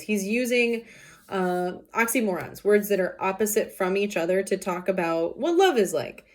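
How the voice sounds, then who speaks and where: A woman's voice: medium pitch, expressive, moderate pace. A woman teacher reading a play aloud and explaining it casually, with many fillers.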